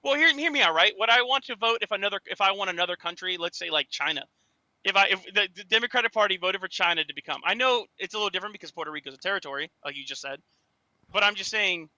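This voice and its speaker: A man on a dull, lo-fi call, talking fast in a high, bright voice. He stammers and hedges, circling around his answers. The sound is dry. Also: no room sound. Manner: hesitant, stammering, evasive. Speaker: caller in a debate. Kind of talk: hesitant live debate.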